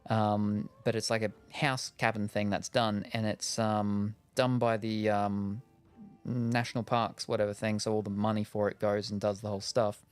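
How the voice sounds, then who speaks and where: A man's voice: lowish voice, level tone, moderate pace, clear, resonant tone. An Australian man chatting casually while playing a game, rambling with lots of fillers and jokes. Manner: rambling, lots of ums, jokey. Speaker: gaming streamer. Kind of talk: casual chat while gaming.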